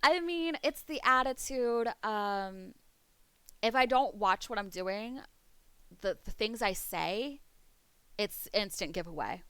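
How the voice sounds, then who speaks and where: Chatty streamer woman with a smooth voice. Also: medium pitch, a bit bright, dry recording. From Pennsylvania, US. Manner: rambling, chatty, swears freely. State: losing her voice. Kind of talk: casual chat with stream viewers.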